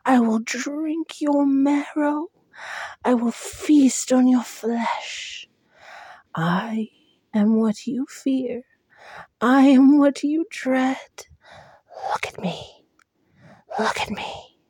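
A woman's voice: sits high, very slow, long pauses, dark tone, slightly rough, dry recording, voice pushed up, heavily acted. A woman voicing an ancient, hollow-voiced monster that whispers threats from afar in an audiobook reading. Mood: menacing whisper.

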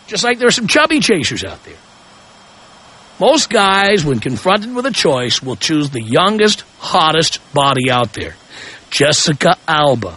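A man's voice: a little high, bright, forceful tone, husky. A man hosting a call-in radio talk show, brash and mocking, provoking his callers.

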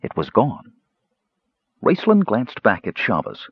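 A man narrating a fantasy audiobook in a measured, expressive storytelling manner. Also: medium pitch, husky, dry recording, phone-quality sound.

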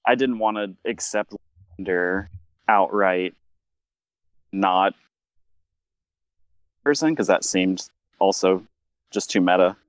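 A man with a lowish voice tells lively anecdotes in a casual chat, often breaking into laughter. His delivery is loose and animated. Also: takes it slowly, pauses often, dry recording. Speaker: player.

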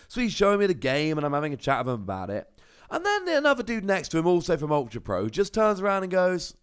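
A man's voice: high voice, huge pitch swings, fast, fairly bright tone, clear, resonant tone. A young man from Cornwall with a British accent, hosting a casual solo podcast and telling rambling stories full of asides. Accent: British English. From Cornwall, England. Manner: chatty, rambling storyteller with asides. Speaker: podcast host.

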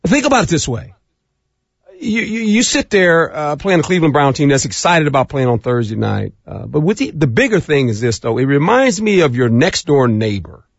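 A middle-aged man talking football as a guest on sports radio, acting out scenes in a rising, animated voice. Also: on the high side, moderate pace, creaky, dry recording. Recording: dull lo-fi radio audio.

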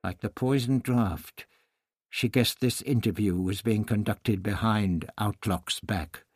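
Slow, husky male audiobook narrator. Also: lowish voice, darkish tone, clean studio sound. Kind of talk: scripted narration. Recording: long reverberant room.

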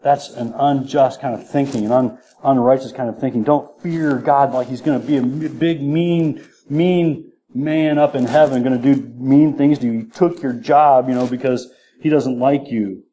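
A man's voice: mid-range voice, steady tone, dark tone. A man preaching a sermon as pastor, earnest and repeating his key points. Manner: earnest, repeats key phrases, quick laughs.

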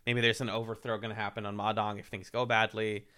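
Guy podcast cohost, bright tense voice, laughs a lot, acts out bits. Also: fairly low pitch, fast talker, clear, resonant tone. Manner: animated, acts out quotes in bursts, laughs often. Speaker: podcast co-host recapping a reality show. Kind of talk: casual chat.

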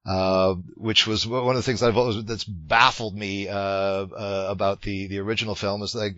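A man's voice: fairly low pitch, little pitch movement, normal speed, few pauses, sharp tone, no echo. A man co-hosting a film podcast, talking in casual discussion with many fillers and restarts. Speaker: podcast co-host. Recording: dull lo-fi sound.

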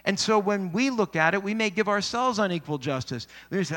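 A male preacher delivers a sermon with a voice pitched a little above the usual male range. He speaks in an earnest, measured way and pauses often to stress his points. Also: animated, bright, forceful tone.

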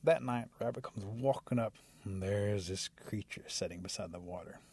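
A man telling a folktale aloud in a lively way, acting out characters with sound effects. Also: lowish voice, normal speed, slightly rough, no echo. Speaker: storyteller.

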